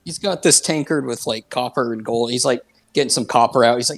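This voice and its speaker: Casual male player with a gravelly edge, describing his character's moves. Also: medium pitch, brisk, hardly any pauses. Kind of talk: playing a character in a tabletop game.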